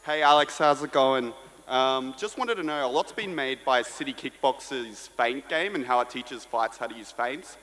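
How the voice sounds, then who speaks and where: Reporter asking questions in an echoey hall. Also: male voice, mid-range voice, moderate pace, fairly bright tone. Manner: inquisitive, plain.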